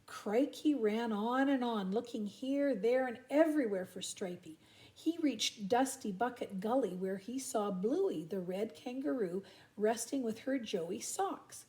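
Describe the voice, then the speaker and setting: A woman's voice: a little high, expressive, measured pace, mellow. An older grandmother reading a picture book aloud and stopping for chatty asides. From Canada.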